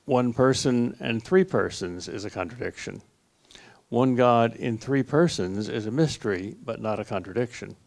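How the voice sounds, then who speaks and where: A man's voice: mid-range voice, creaky, a little mellow. An older American man, a philosophy professor, explaining his ideas in steps at a public university forum, with a dry joke now and then. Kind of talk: lecturing answer at a public forum. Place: university lecture hall.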